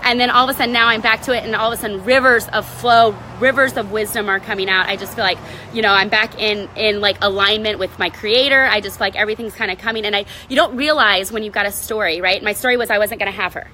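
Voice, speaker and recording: A woman in her thirties giving a casual motivational talk as a life coach, animated and tagging lines with "right?". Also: medium pitch, quick pace, few pauses, a little hiss or hum. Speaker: life coach hosting a live video.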